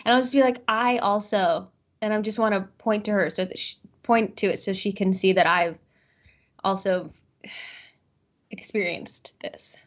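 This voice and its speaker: A woman's voice: medium pitch, steady tone, normal speed. A woman playing a tabletop game, talking in a chatty, hesitant way that keeps breaking off. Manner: chatty, hesitant, self-interrupting. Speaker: player. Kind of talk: in-character tabletop play. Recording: lo-fi call audio.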